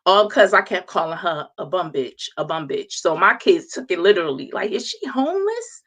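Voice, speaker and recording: A woman's voice: on the low side, a little fast, fairly bright tone. A woman in her thirties, hosting a show, tells a casual story with lots of laughter and acts out the voices of the people in it. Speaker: host.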